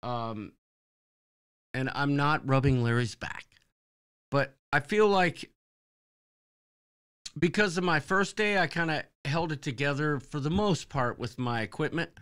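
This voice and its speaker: A man tells a rambling story on a live show. His voice is bright, smooth and clear. He swings his pitch widely as he acts out what others said. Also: measured pace, long pauses. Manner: rambling, animated storyteller who acts out quotes. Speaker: podcast co-host. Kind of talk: casual live-stream storytelling.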